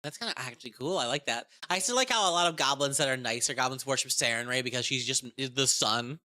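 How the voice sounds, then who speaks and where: A woman chatting excitedly about a tabletop game, profane and rambling, often restarting her sentences. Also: a bass voice, fast. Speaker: game content creator. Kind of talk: casual tabletop game review.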